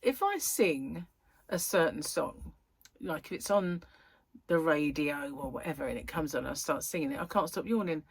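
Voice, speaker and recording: A woman vlogging from home in a casual, rambling chat, her voice a little croaky and tired. She sits on the lower side for a woman, and the sound is close and dry with no room echo. She drifts between thoughts and corrects herself mid-sentence. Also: lively intonation, moderate pace. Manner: rambling, chatty, self-interrupting. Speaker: crochet vlogger. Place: at home, indoors.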